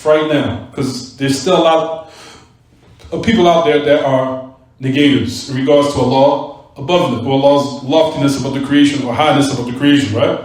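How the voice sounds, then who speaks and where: A male religious teacher lectures a mosque class, tossing rhetorical "what?" prompts to his students and hammering key words by repeating them. His voice is slightly high. It is picked up from a distance in a hall with a heavy echo. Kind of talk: recorded Islamic class lecture. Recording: very echoey room, voice from far off.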